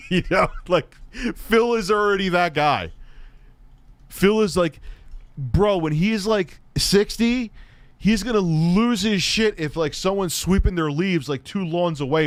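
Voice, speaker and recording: Here the commentary host speaks in a high-pitched voice at a slightly slow pace, with no echo. An adult addressing his peers, he rants in mocking disbelief, swearing freely and laughing a lot.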